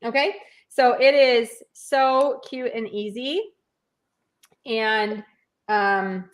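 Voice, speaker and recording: A woman's voice: on the high side, fairly even intonation, drawn-out words. A woman giving a live sewing and craft demonstration, chatting through each step with lots of fillers.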